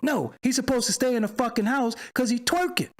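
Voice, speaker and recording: A man's extremely high voice comes at a quick pace with lively intonation. Hosting his channel's livestream, he goes on a commentary rant, mocking, swearing and confronting the viewers he argues with in chat.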